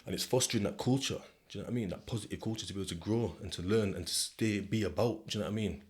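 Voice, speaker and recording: Here a British podcast host talks very fast in a lowish, slightly mellow voice. His story is told in the second person, loose and slangy, chatty in tone, with "do you know what I mean" coming up again and again.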